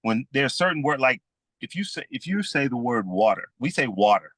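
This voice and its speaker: A man in his fifties with a Southern US accent, chatting easily as a podcast guest and telling stories in a relaxed way. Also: medium pitch, normal speed, no room sound. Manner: easygoing storyteller, calls people "man". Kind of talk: casual conversation.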